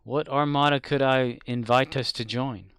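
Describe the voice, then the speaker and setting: A man chats loosely while streaming a game, drifting from thought to thought and restarting his sentences. His voice is smooth and resonant. The sound is dry and close, with no room echo. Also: medium pitch, fairly even intonation, normal speed, a bit bright. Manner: rambling and offhand, with many fillers and restarts. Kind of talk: casual live-stream chat while gaming.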